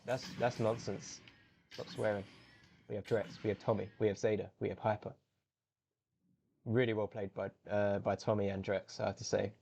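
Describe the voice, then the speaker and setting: A young man casting a live video game match on his own, chatty and self-correcting, then jumping to loud, high exclamations on big plays. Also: vocal fry, a little hiss or hum. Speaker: esports caster. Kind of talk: solo live game commentary.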